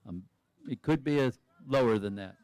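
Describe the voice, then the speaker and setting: A man's voice: mid-range voice, normal speed, a little mellow, no echo. A man giving live sports commentary who chats and thinks aloud about each skier's options.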